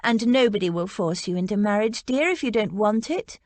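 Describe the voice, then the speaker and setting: Woman doing a kind young wife, calm, soothing, storybook reading, dry close sound. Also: mid-range voice, moderate pace, no echo, lightly acted.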